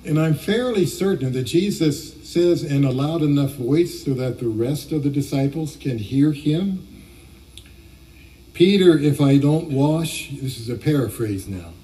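A man's voice: medium pitch, normal speed, few pauses, warm tone, distant mic, poor audio. A man from Ohio preaching a sermon, earnest and reflective, often restarting his phrases. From Ohio, USA. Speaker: pastor.

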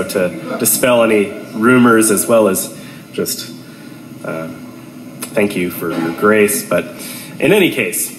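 Young priest, stuffy nose from a cold, talks real slow, echoey hall. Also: male voice, lowish voice, lively intonation. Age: 20s. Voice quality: nasal. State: has a cold, clears throat. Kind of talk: public talk to an audience.

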